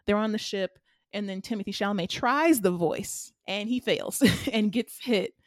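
A woman co-hosting a casual chat, recapping a film in an animated, rambling way with lots of fillers. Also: mid-range voice, normal speed, dry recording, clean studio sound. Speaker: podcast co-host.

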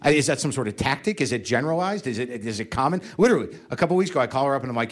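A man performing a stand-up comedy routine, ranting and self-mocking, swinging between muttering and shouting. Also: mid-range voice, animated, racing, few pauses, slight background noise.

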